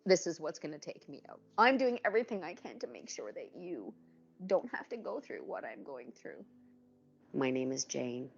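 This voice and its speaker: A woman in her fifties gives a candid personal testimony about her cancer, acting out what others said to her. Her low voice is very animated, creaky, and husky at a moderate pace, and the recording has its highs cut off.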